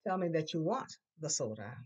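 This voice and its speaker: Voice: mid-range voice, sing-song, moderate pace. Teacher drilling a class through lessons. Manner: models words loudly for the class to repeat; patient, coaxing prompts. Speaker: Spanish teacher.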